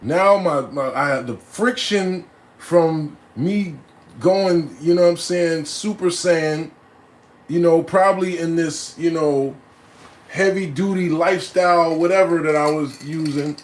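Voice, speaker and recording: A man telling a personal story in a casual, animated way, often laughing and adding "right?" to his lines. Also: on the high side, a little slow. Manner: acts out voices and loud cries.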